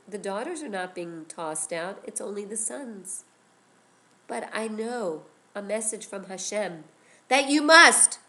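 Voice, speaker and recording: A woman's voice: mid-range voice, darkish tone, close to an everyday voice. Miriam, as a woman teacher puts her on, urgent and insistent. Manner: pleading, insistent. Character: young girl Miriam, urgent and hopeful.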